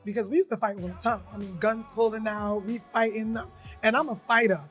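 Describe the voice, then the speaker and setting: Woman, higher voice, blunt storyteller, animated, faint music behind. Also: a little fast. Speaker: podcast co-host. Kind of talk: casual chat, personal storytelling.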